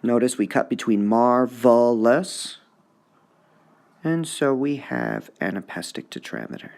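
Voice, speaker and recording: Male English teacher, gravelly, unhurried, lively pitch; recorded class lesson. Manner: sounds out syllables to mark the stresses. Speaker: high school English teacher.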